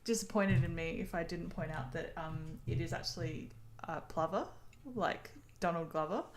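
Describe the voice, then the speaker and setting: A woman hosting a casual chat, hesitant with fillers and quick to laugh. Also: lowish voice, fairly even intonation, a little hiss or hum. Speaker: host.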